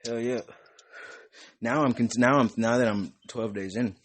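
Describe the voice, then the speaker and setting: A man's voice: mid-range voice, fairly even intonation, moderate pace, dry recording. A young man hosting a podcast, chatting in a loose, rambling way with plenty of cursing. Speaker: podcast host. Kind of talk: casual chat.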